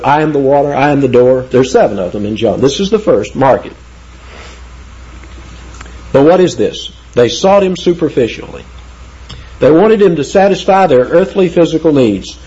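Emphatic preacher man, lively pitch. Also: husky. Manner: emphatic, slows down to read scripture aloud. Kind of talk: expository Bible teaching. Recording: dull lo-fi sound.

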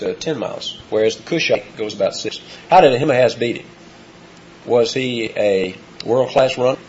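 A man's voice: medium pitch, darkish tone, slight background noise. A man preaching an expository sermon, telling the story with animation and acting out the quotes. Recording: dull lo-fi recording.

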